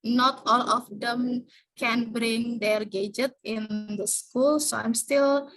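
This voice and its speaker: A woman, an elementary English teacher, presenting her plans in an online class in a hesitant, halting way. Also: fairly high pitch, steady tone, music in the background, poor audio. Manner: hesitant, halting, many fillers. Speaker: elementary school English teacher, student in training course.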